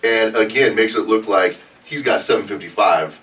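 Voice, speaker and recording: A man's voice: lowish voice, normal speed, fairly bright tone, distant mic. A man, a powerlifter, chatting casually on a podcast in an easygoing way that trails off with fillers. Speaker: powerlifter guest.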